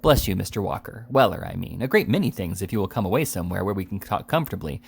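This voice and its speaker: A man's voice: sits low, expressive, quick pace, vocal fry, slightly rough, full character voice. A man voicing a fawning, overly emotional male schemer who gushes and pleads, reading a classic novel aloud. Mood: gushing. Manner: gushing, pleading.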